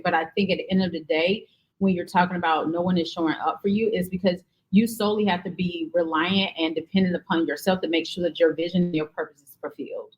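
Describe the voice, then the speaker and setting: A woman from North Carolina with a Southern accent, a podcast guest who speaks in an earnest, measured way. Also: lowish voice, breathy edge, low-quality recording. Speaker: podcast guest, nonprofit founder. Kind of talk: conversational interview.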